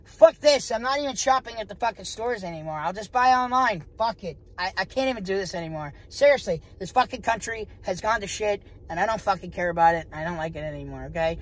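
A woman's voice: medium pitch, fast, hardly any pauses. A woman from the United States talking to viewers in a casual vlog, blunt and heavily profane. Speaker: vlogger. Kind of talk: casual vlog talk to camera.

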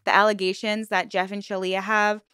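A woman's voice: medium pitch, level tone, moderate pace, pushed and bright, smooth, no echo, studio quality. A young woman hosting a true-crime commentary, talking emphatically and indignantly with lots of "like". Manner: indignant, emphatic, heavy use of "like". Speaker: commentary channel host.

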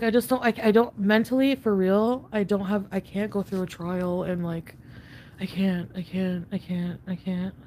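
A woman venting to camera in a rambling, profane confessional rant. She says she is high on an edible, and her speech is full of fillers and restarts. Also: dark tone, slight background noise. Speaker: online video creator.

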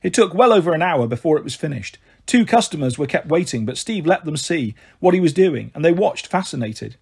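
A man reads a children's novel aloud in a steady, gentle delivery. His voice sits a little high and has a husky edge. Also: brisk. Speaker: storyteller.

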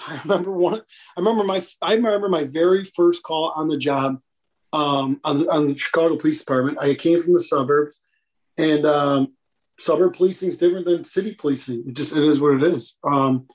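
A man's voice: on the high side, fairly quick. A man, a police officer guest, telling stories in a casual interview and animatedly acting out the people in them. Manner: animated, acts out voices in anecdotes.

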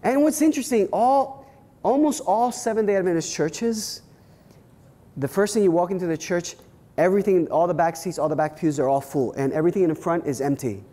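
A man, a pastor, giving a workshop talk, telling personal stories in an animated way with many restarts and repeated words. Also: sits high, brisk, in a large hall. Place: church hall at a leadership weekend.

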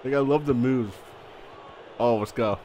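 A man live-streaming a football video game, chatting and reacting loudly, often repeating his words. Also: medium pitch, unhurried, a little hiss or hum. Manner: excitable, repeats words, yelps in surprise. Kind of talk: live gameplay chat.

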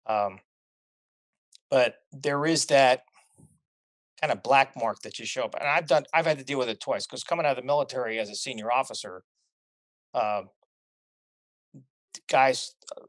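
Brief: middle-aged male guest spinning lively anecdotes, mid-pitched, dry and close. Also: no echo. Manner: animated storyteller, laughs at his own tales. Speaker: guest, corporate pilot. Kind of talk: casual storytelling chat.

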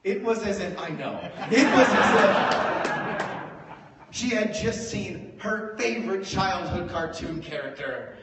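Man telling a funny story on stage, lively high voice, unhurried, far away in an echoey hall. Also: very noisy. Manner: animated, swinging from hushed to loud for effect. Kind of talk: live comedic storytelling. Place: live venue hall. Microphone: phone stream from the audience.

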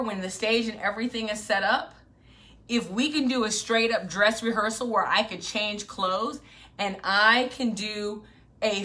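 Emphatic, bright-voiced woman coach. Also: a little high. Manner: emphatic, animated, repeats for punch. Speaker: business coach. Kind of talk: motivational talk to an audience.

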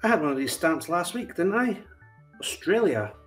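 A Scottish man chatting casually in a vlog as he opens his fan mail, with frequent warm exclamations and asides to his cat. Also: sits high, very animated, moderate pace, far from the mic, faint music behind. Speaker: coin collecting channel host. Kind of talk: casual vlog chat while opening mail.

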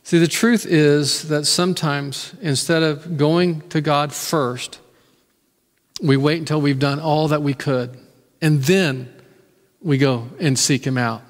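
A man's voice: on the high side, steady tone, slow, long reverb tail. A man preaching a sermon as pastor, in an earnest, conversational way, often restarting his words and acting out quotes. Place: church sanctuary.

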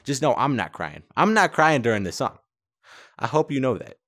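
Animated young man joking through a game. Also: medium pitch, normal speed, no echo, studio quality. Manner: joking, exaggerated, melodramatic outbursts. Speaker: gaming streamer. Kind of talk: playful gaming commentary.

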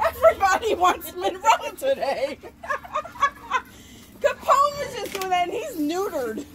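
A woman's voice: very high voice, big pitch swings, a little slow, a loud crowd, heavy background noise. A woman filming her dog in a yard, cooing and gushing over a puppy and laughing often. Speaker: dog owner vlogger. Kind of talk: casual home video chat. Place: outdoors in a yard.

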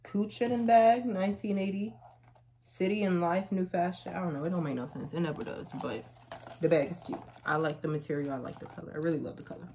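A young woman chatting casually through a try-on haul, telling stories in lively slang. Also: lowish voice, fast talker, a little hiss or hum. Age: young adult. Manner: chatty, animated storytelling with slang. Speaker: vlogger.

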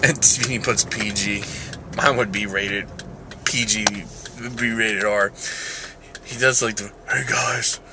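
A young man vlogging from his car, rambling and giggly and excitable in casual chat. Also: lowish voice, slow pace, pauses often, background noise. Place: parked car, window down.

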